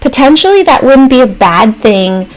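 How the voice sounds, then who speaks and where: Higher-voiced woman hosting a trading livestream. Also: big pitch swings, low-quality recording. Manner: talks through charts while answering chat messages; thinks aloud with pauses and trailing phrases. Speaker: stock trading livestream host. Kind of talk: casual livestream commentary.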